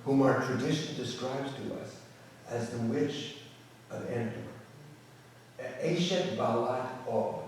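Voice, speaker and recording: A man who is a rabbi, telling a folk story in an animated lecture, often repeating words as he goes, in a synagogue sanctuary. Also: mid-range voice, slow pace, a little hiss or hum. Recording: echoey hall, distant mic.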